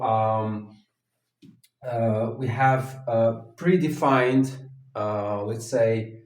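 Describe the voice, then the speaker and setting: A man teaching an English grammar lesson at a whiteboard, talking slowly and haltingly, with many fillers and restarts. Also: medium pitch, darkish tone, recorded from a distance. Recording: echoey room, voice from off the mic.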